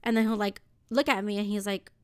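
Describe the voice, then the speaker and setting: A woman's voice: mid-range voice, quick pace, clean tone, no echo, clean studio sound. Exasperated New woman telling a story. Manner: exasperated, animated retelling with lots of "like". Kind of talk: casual storytelling.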